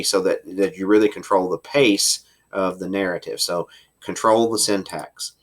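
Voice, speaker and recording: A man teaching a writing class in a recorded lecture, explaining step by step, slowing down for emphasis and sometimes pausing on fillers. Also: low voice, steady tone. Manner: explanatory, varies pace for emphasis, occasional fillers.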